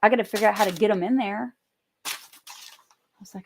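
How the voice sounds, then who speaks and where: A woman talking to her camera at home in a casual vlog. She tells stories in an animated, chatty way and swears freely. Her voice has a middling pitch. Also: moderate pace, gravelly, pauses often, slight background noise. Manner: animated, profane, chatty storytelling. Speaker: vlogger.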